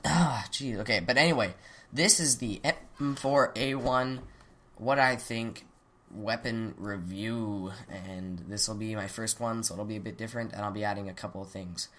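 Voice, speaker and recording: A young man hosts his gaming channel in a lowish, fairly bright voice with a steady tone and moderate pace, chatting loosely through a weapon review. Speaking into a desktop USB mic, he rambles, interrupts himself, and pauses to excuse his hiccups and coughs in this casual game commentary.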